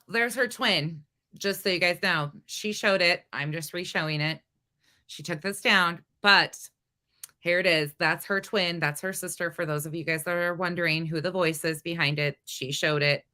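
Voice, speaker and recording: A woman commentator with a slightly low, bright, forceful voice. She talks bluntly and sarcastically, with casual profanity. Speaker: commentary host. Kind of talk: reaction commentary on livestream clips.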